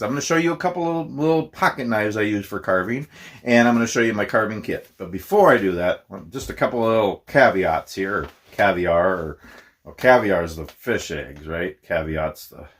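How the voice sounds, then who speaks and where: A middle-aged man from Minnesota talking in a casual, rambling vlog, self-deprecating and laughing often. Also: lowish voice. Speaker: YouTuber.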